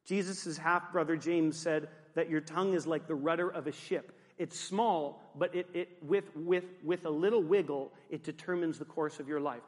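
A man's voice: on the high side, fairly even intonation, moderate pace, few pauses, in a large hall. A male pastor preaching a sermon emphatically, repeating key phrases.

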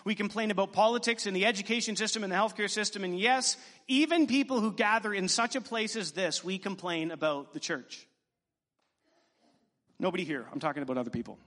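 A male pastor with a high voice delivers a sermon, trading joking asides with his congregation. His words ring out with a long reverb through the church hall. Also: a little fast, fairly bright tone. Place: church sanctuary.

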